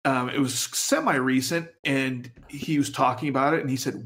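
A man co-hosting a podcast in casual chat, speaking in a halting, stop-start way with fillers. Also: mid-range voice, fairly even intonation, fairly bright tone. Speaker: podcast co-host.

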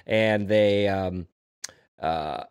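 A man's voice: low voice, extremely slow, smooth. A man co-hosting a podcast in casual chat, rambling and correcting himself as he talks. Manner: rambling, self-correcting, acts out quotes. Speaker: podcast co-host.

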